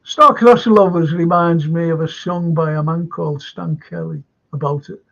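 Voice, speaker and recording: Man, Scouse accent, live stream host, husky gravelly voice, unhurried rambling chat, dull lo-fi audio. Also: on the high side. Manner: meandering, chatty, self-interrupting.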